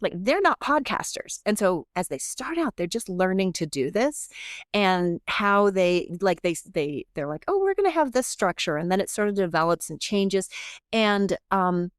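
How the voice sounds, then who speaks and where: A middle-aged woman professor, chatty and animated, often interrupting herself as she talks in a podcast interview. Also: mid-range voice, measured pace, no echo, clean studio sound. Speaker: guest professor.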